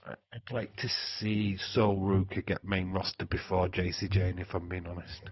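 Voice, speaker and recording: A middle-aged British man with a low, husky voice rambles and jokes through a casual live stream, swearing freely. He sounds close to a desk mic in a dry, slightly dull recording. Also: level tone, normal speed. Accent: British English. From Britain. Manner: chatty, rambling, swearing, jokey. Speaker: wrestling stream host.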